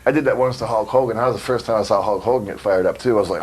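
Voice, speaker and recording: A wrestler races through a casual, profane interview recorded in 2002, his voice low and slightly rough. He's blunt and rambling, cursing often and laughing as he moves from story to story.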